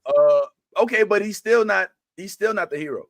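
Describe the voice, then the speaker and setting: A man's voice: high-pitched, moderate pace, no echo. A man co-hosting a casual livestream show, arguing his point earnestly and mimicking reporters in a raised voice. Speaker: podcast co-host.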